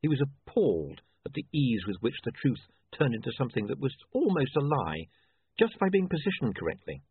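A man narrating a story in a dry, measured storytelling manner. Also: medium pitch, big pitch swings, husky. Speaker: audiobook narrator. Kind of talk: scripted narration. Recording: tinny dry phone-like line.

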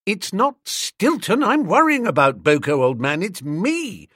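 A man playing a fretful young English gentleman, lifted and lively pitch, husky tone, dry close sound, chatty and pleading, storybook reading. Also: unhurried, no echo, exaggerated voice. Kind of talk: audiobook character reading.

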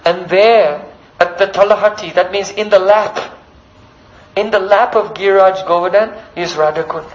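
A man's voice: high-pitched, moderate pace, muffled recording. A man preaching a devotional sermon as a story, often checking in with the listeners by asking them questions.

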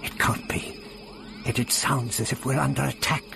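A man's voice: medium pitch, level tone, moderate pace, creaky, noisy background. A man voicing a testy, imperious old man who snaps back irritably. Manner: snappish and irritable.

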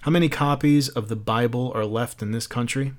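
A man's voice: medium pitch, brisk, lightly acted. A man voicing a troubled, searching fireman who talks earnestly and urgently.

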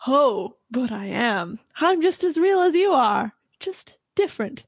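A woman's voice: high voice, sing-song, a little slow, husky, dry recording, studio quality, heavily acted. A woman reading a boastful, conceited male android hero in a comic scene read-through. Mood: smug. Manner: smug, self-satisfied.

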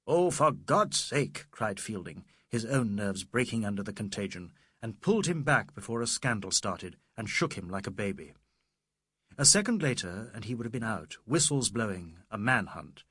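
A man reading a novel aloud as narrator, expressive and measured. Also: on the low side, husky, no echo, clean studio sound. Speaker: audiobook narrator. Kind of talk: scripted narration.

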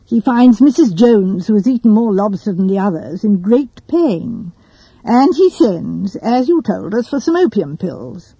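A woman voicing a young man laying out a theory slowly and deliberately. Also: on the high side, warm tone, husky, dry recording, exaggerated voice, rough recording. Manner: slow, deliberate explaining.

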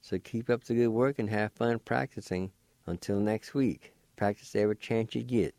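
A man teaching vocabulary in a radio lesson, spelling words letter by letter and sounding out each syllable slowly and deliberately. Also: lowish voice, creaky, dark tone, no echo. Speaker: language teacher.

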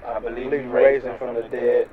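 An actor playing an agitated young man worn out from street life, frantic and cursing with his voice cracking high. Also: little pitch movement, normal speed, narrow, tinny audio, over a noisy crowd, close to an everyday voice. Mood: repentant. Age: young adult. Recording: street noise behind.

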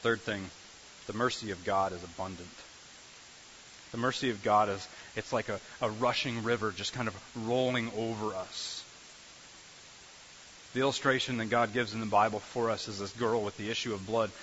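A man preaching a lively sermon in a bright, forceful voice, often repeating phrases and restarting his sentences. The recording is dull with a faint hiss behind him. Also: lowish voice, moderate pace. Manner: animated preaching with repetitions and restarts. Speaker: pastor.

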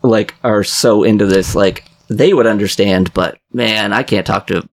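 Low-voiced man co-hosting a podcast. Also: a little slow. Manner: affirming, lots of mm-hmms, easy laughs. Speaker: podcast co-host. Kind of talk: casual podcast chat.

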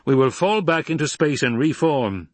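A man with a husky voice, reading an audiobook and voicing a commanding, threatening male emperor. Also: a little high, expressive, normal speed, no room sound, pitched above the performer's own voice. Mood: furious. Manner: commanding, menacing, rising to shouts.

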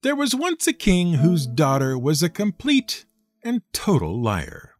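A man's voice: a little high, huge pitch swings, a little slow, faint music behind. A man hosting a storytelling show, narrating a folk tale with wry, playful asides. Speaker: storyteller host.

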